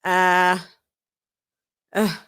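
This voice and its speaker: Lady on a live stream, slow laid-back talk, laughs a lot. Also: on the low side, monotone, fairly bright tone, clear, resonant tone. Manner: chatty, laughs often, reads chat aloud. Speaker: host. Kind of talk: casual live-stream chat.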